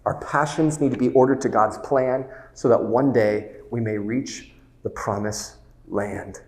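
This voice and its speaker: A man's voice: medium pitch, a little slow, darkish tone. Man, retreat talk, earnest preacherly delivery, roomy echo. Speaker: retreat speaker. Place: retreat venue hall. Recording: roomy hall with long reverb.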